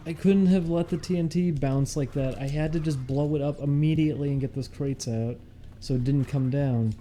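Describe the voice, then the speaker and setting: Man with a mellow voice streaming a game. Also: a little high, steady tone, moderate pace, slight background noise. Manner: frustrated, swears at the game, jokey. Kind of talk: casual gameplay commentary.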